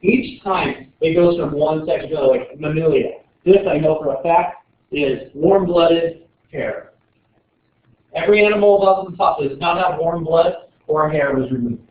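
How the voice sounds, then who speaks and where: A man's voice: a little high, normal speed. A man teaching a biology class, joking and rambling as he lectures, recorded from the back of a classroom. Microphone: far camera. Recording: distant, echoey, tinny classroom camera audio.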